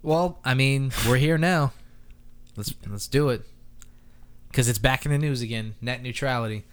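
A man's voice: mid-range voice, moderate pace, clear, resonant tone. A man hosting a podcast in loose, casual chat, swearing often and joking at his own expense. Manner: loose, swearing, self-mocking. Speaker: podcast host.

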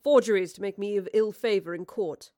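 A woman's voice: medium pitch, fairly quick, warm tone, dry recording, close to an everyday voice. Defiant period playwright, clipped and formal, a woman voicing him, dry sound. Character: male playwright, wry and defiant.

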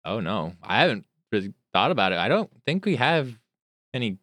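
A man who hosts a comedy podcast, speaking in a hesitant, meek way with many halting starts. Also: lowish voice, big pitch swings, fairly bright tone, no echo, clean studio sound. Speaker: podcast host.

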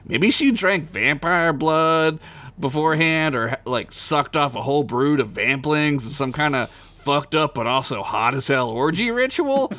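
A man's voice: on the high side, animated, unhurried, bright, forceful tone. A man co-hosting a podcast who reads his own crude comic story aloud, joking and breaking into laughter.

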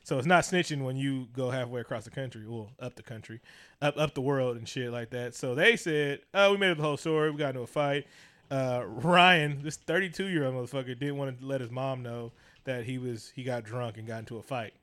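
A man's voice: medium pitch, brisk, fairly bright tone. A man, co-hosting a casual podcast and ranting with heavy profanity. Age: 30s. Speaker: podcast co-host. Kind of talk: casual chat.

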